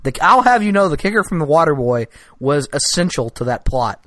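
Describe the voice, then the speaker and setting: A man co-hosting a casual TV recap chat, arguing in a teasing, mock-formal, deliberate way. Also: a little high, big pitch swings, a bit bright, no room sound, clean studio sound. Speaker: podcast co-host.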